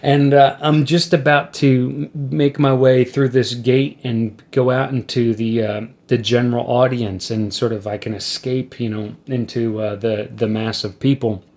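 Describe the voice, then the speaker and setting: A man's voice: mid-range voice, unhurried, hardly any pauses. Man telling a wry road story. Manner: wry anecdote-telling, animated when acting out quotes. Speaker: podcast host and musician. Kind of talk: casual storytelling to a guest.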